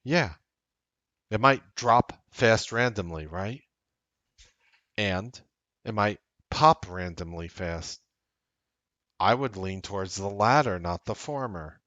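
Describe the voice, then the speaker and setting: A man hosting a trading livestream, talking bluntly and sarcastically, swinging from loud outbursts to low asides. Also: expressive, slow pace, long pauses, no room sound, highs cut off. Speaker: trading coach and livestream host. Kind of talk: unscripted livestream commentary.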